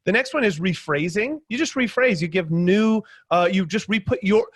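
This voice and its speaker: A man on a panel video call, explaining sales techniques in lively conversational talk and acting out quotes. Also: sits high, moderate pace, no echo. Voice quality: animated storyteller, acts out quotes loudly.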